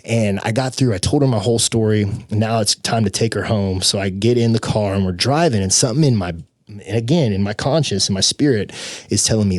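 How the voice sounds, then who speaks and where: A young man, a podcast guest, telling his personal story with emotion, animated and acting out the voices of the people in it. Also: lowish voice, brisk, dry recording, studio quality. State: tearful.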